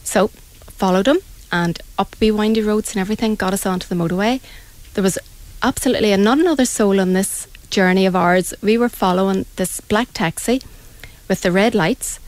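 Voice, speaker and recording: A middle-aged woman with a Northern Irish accent, an angel reader telling a story in a radio interview in an animated, dramatic way. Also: medium pitch, moderate pace, rough recording. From Northern Ireland.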